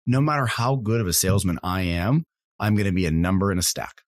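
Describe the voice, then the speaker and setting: Fast-talking deep-voiced man, animated. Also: no room sound, studio quality. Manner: animated storyteller acting out customer calls. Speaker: sign company salesman, co-host. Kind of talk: casual business podcast chat.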